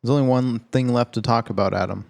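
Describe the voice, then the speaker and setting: A man co-hosting a casual film podcast, with a gravelly, creaky edge to his voice. He talks loosely, cracks jokes and swears freely. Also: medium pitch, steady tone, fast talker, a little mellow. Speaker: podcast co-host.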